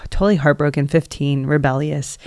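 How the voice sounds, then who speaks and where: Earnest gravelly-voiced woman telling a story. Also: low-pitched, steady tone, a little fast, darkish tone, no echo, studio quality. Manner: heavy use of "like" as filler; earnest, emotional retelling. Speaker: podcast guest, energy healer. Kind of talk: casual personal storytelling.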